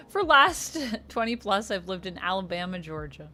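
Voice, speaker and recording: A woman's voice: mid-range voice, very animated, a little slow, sharp tone. A woman chatting casually on a livestream while she colors, reading out and thanking viewers. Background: faint background music.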